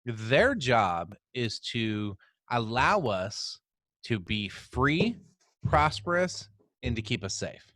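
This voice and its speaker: A man's voice: mid-range voice, big pitch swings, takes it slowly, pushed and bright, no room sound. A man co-hosting a casual political podcast, talking in a heated, profane rant. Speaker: podcast co-host.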